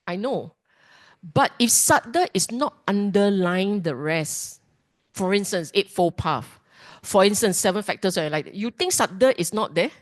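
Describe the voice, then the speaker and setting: A woman teaching a dharma class, lively and emphatic, often putting questions to the class. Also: mid-range voice, normal speed. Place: class hall.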